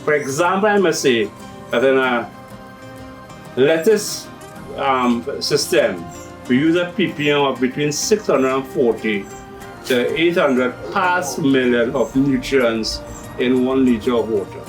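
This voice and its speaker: A man's voice: mid-range voice, lively intonation, unhurried, faint music behind. Trinidadian man explaining hydroponics, a bit distant. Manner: explanatory, patient, uses local turns of phrase. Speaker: hydroponics shop owner. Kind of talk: explaining on a farm TV show.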